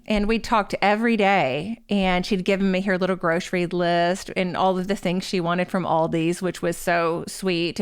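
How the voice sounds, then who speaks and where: A woman's voice: mid-range voice, smooth. A woman in her forties, a guest author telling a personal story in a candid, self-deprecating way on a podcast interview. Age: 40s.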